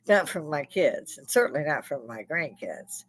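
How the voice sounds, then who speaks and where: A woman's voice: low-pitched, big pitch swings, moderate pace. A woman in her sixties, a live-stream host, telling rambling stories in a blunt, profane way and laughing often. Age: 60s. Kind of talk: casual chat.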